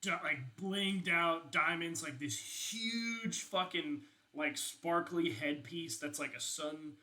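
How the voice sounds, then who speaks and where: A man's voice: on the high side, slow pace, pushed and bright, low-quality recording. A young man casually narrating a tabletop game as game master, rambling with lots of fillers and swearing.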